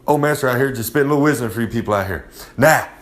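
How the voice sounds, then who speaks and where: In a mid-range voice at a racing pace, this recurring segment presenter rattles off tips in a casual, swaggering monologue. He stays loose and streetwise with slang, repeating himself for effect with "I'm just saying."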